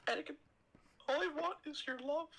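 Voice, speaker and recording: A man voicing a young woman senator, pleading and heartbroken, in a high falsetto. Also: brisk, vocal fry, a bit bright, a little hiss or hum, exaggerated voice.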